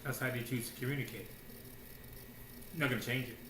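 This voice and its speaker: A man preaching a sermon in a casual, slangy way, swinging between hushed asides and loud declarations with many rhetorical questions. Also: medium pitch, fairly even intonation, fairly quick. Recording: roomy echo.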